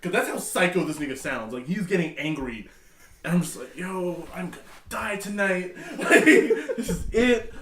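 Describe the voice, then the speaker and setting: A young man with a somewhat high voice tells a story in loose, slangy chat and breaks into laughter often. He sits back from the mic in a roomy, echoey space. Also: very animated, normal speed, distant mic, crowd noise. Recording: echoey room, away from mic.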